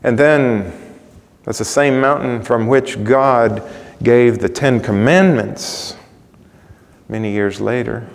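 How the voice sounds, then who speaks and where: A man preaching a sermon, reading scripture aloud dramatically, his voice swelling loud and then dropping to a hush. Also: medium pitch, takes it slowly, vocal fry. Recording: long hall reverb.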